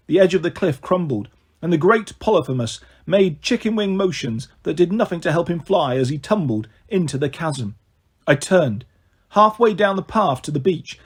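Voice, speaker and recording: A man reading a novel aloud in first person, with expressive, animated narration. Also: high-pitched, breathy edge. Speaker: storyteller.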